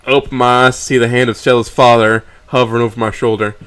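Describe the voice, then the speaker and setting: A man's voice: mid-range voice, level tone, fast talker, fairly bright tone, smooth. A man reading a story aloud on a stream, stumbling and correcting himself as he reads.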